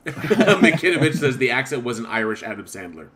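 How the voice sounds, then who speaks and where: Laughing podcast host reading chat. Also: male voice, mid-range voice, big pitch swings, a little slow, a loud crowd. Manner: reads chat comments aloud, laughs often. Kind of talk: casual chat.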